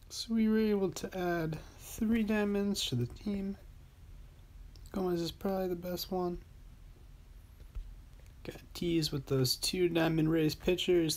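A man hosting a mobile baseball game channel, casually commenting as he opens card packs. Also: a little high. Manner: relaxed, talking to himself while opening packs. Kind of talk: casual pack-opening commentary.

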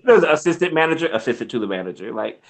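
A man's voice: mid-range voice, big pitch swings, fast, vocal fry. A man co-hosting a casual film review chat, rambling with restarts and laughing often.

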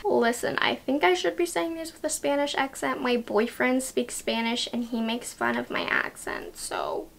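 A woman's voice: a little high, very animated, normal speed, creaky, few pauses. A young woman chatting casually and enthusiastically as she reviews beauty products, laughing at herself now and then.

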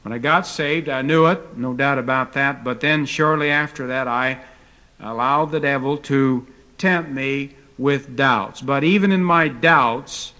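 A man's voice: medium pitch, a little slow, sharp tone. An older man teaching a taped Bible lecture, telling stories in a folksy way with frequent hesitant fillers.

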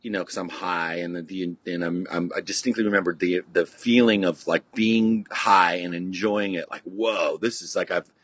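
A middle-aged man from California tells stories in a loose, rambling way, full of restarts and casual swearing. His voice sits fairly low and has a husky grain. The studio sound is dry and close. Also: steady tone, normal speed, hardly any pauses, a bit bright, no echo. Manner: laid-back, swears freely, many restarts and "you know"s. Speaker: podcast guest, punk musician. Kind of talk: casual storytelling. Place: podcast studio.

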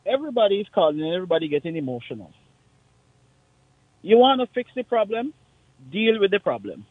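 A man with a Kittitian accent calling in to a radio talk show, speaking in an impassioned, forceful, repetitive way. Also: sits high, very animated, a little fast, no room sound. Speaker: caller. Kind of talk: call-in radio rant. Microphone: phone line. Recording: tinny dry phone line.

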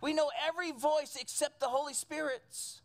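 High-voiced impassioned preacher. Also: fairly even intonation, moderate pace. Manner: impassioned, repetitive preaching with frequent restarts. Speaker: pastor. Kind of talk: sermon. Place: church sanctuary with a small congregation.

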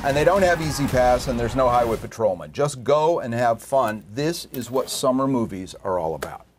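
A man's voice: mid-range voice, lively intonation, moderate pace. Wisecracking male critic, noisy recording. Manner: jokey, punchy quips. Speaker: film critic. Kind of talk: panel film review chat.

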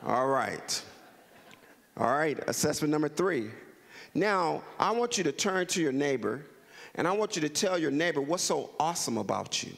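Man, middle-aged, gravelly, slightly high voice, energetic audience call-and-response, repeats his prompts. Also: normal speed. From Los Angeles. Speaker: guest speaker. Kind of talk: interactive talk to a community audience.

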